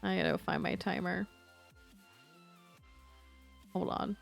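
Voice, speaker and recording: A young woman streamer chats casually with her audience and laughs often. Her delivery is slow, and her voice has a gravelly edge. Faint game music runs in the background. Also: lowish voice, wildly swooping pitch. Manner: chatty, giggly, reads chat aloud. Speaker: Twitch streamer. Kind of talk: casual live stream chat.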